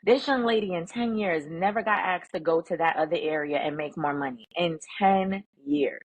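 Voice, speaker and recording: A middle-aged woman, a guest speaker, telling workplace stories in an animated, emphatic way and acting out the quoted talk. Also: on the low side, moderate pace, highs cut off. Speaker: guest, emotional intelligence speaker. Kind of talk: conversational storytelling.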